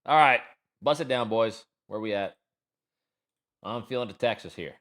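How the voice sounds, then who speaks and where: A man's voice: medium pitch, moderate pace, fairly bright tone. A young man streaming a watch party, chatting loosely, swearing often and joking with himself. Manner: swears a lot, rambling, laughs at himself. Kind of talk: casual chat, profane and loose.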